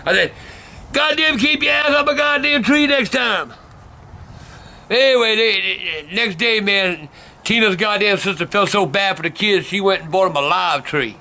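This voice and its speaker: An older man telling profane stories that break into shouting rants. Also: sits high, moderate pace, vocal fry. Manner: cursing constantly, bursts into shouting. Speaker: vlog host telling stories. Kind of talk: profane storytelling rant.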